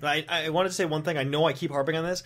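A man's voice: fairly high pitch, fairly even intonation, fast, fairly bright tone. A young man co-hosting a comic book podcast, laughing often and praising the artwork. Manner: laughs often, enthusiastic about the art. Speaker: podcast co-host. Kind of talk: casual comic book discussion.

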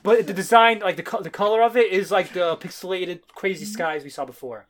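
A man co-hosting a comic book podcast in casual chat, excitable, often restarting words and swearing offhandedly. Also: high-pitched, fairly quick.

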